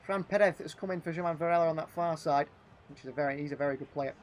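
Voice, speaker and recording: A man's voice: a little high, racing, a little hiss or hum. A man hosting a live gaming stream, calling the action of a football management game and voicing his frustration as he plays. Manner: animated, frustrated, thinking aloud between match calls. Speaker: gaming livestream host.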